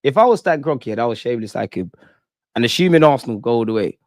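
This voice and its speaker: A young man hosting a live football reaction stream, excitable and slangy, swearing and reading chat aloud. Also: medium pitch, fast talker, no echo, studio quality. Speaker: football fan channel host.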